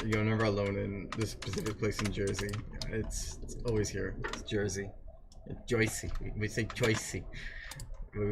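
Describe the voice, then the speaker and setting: A man's voice: on the low side, background noise. A man streaming from his home, chatting casually with viewers in a playful, teasing, mock-defensive way. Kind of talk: casual livestream chat. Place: home room on a noisy street.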